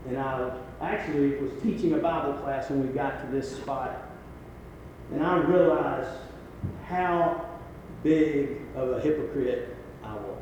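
Folksy preacher in echoing hall. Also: male voice, medium pitch, measured pace, dull audio. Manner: folksy, rises to emphatic climaxes then drops quiet. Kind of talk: sermon. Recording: very echoey hall with faint noise.

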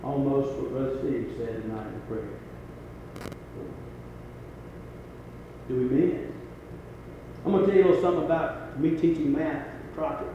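A man preaching a sermon in a folksy way, rising to emphatic peaks and then dropping quiet. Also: medium pitch, fairly even intonation, moderate pace, pauses often, highs cut off. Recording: very echoey hall with faint noise.

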